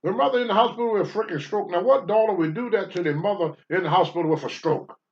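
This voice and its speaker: A man's voice: sits high, fast talker, lo-fi sound. An older man hosting a talk show, answering viewer questions in a blunt, preachy monologue and swearing freely.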